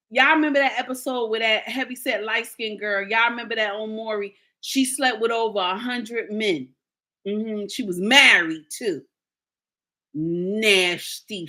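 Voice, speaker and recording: A woman's voice: fairly high pitch, bright, forceful tone. A woman, ranting in a sassy, indignant casual monologue to her viewers and acting out the people she quotes. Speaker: commentator.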